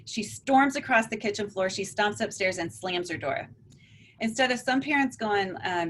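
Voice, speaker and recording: Woman, counselor, talk to parents, calm and conversational, mid-pitched voice, faint background noise. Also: normal speed. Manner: calm, conversational explaining with acted example dialogues. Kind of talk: informal talk to a parent forum.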